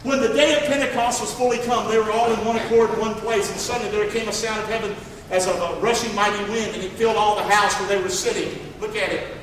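High-pitched preacher guy, big echoey church, mic far away, faint room hum, gets loud then quiet. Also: steady tone, fast talker. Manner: preaching with big swings from quiet to near-shouting; reads scripture aloud and calls for congregation response. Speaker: pastor. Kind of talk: sermon. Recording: echoey hall, distant mic.

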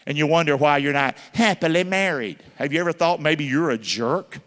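Male pastor, high tense voice, emphatic call-and-response preaching, reverberant hall. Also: moderate pace, fairly bright tone. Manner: call-and-response questions to the congregation; emphatic, spells words out letter by letter. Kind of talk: sermon. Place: church.

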